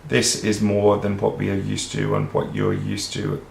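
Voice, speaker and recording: Gravelly Australian man rambling earnestly. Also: fairly low pitch, monotone, normal speed, slight background noise. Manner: earnest, rambling, casually profane. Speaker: vlogger. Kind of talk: rambling monologue to camera. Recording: roomy echo.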